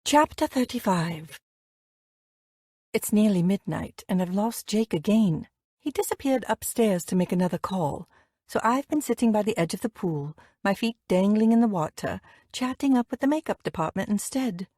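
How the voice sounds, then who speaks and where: A woman narrating a first-person romance audiobook in an intimate, expressive way, voicing the dialogue as she reads. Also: mid-range voice, moderate pace, no echo, studio quality.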